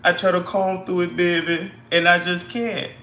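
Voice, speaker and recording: A man putting on a scatterbrained woman who frets over her damaged hair, drawling slowly and calling everyone baby. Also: high-pitched, animated, sharp tone, heavily acted. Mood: fretful. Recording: echoey room.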